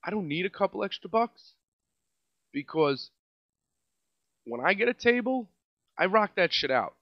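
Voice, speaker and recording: A man's voice: high voice, big pitch swings, a little slow, dry recording, muffled recording. Sarcastic New York man ranting. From Staten Island, New York. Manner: sarcastic, mocking, swings between loud and muttered. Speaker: podcast host. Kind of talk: comedic rant monologue.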